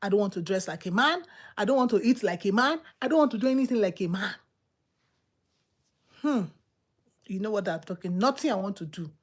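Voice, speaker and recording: A woman preaching a sermon in an emphatic, repetitive, exhorting manner, swinging between loud outbursts and low murmurs. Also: expressive, fairly quick, pauses often, slightly rough.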